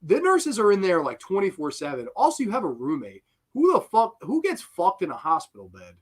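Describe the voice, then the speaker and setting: A man's voice: high voice, huge pitch swings, a little fast, slightly rough. A young man giving rambling, profane live commentary on a horror film and breaking into giggling fits.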